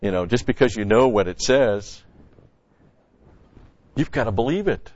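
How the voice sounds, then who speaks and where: A man's voice: lowish voice, animated, unhurried, a little mellow. Folksy male preacher, dull dry sound. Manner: conversational, folksy asides, repeats key phrases. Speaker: pastor. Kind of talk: sermon teaching.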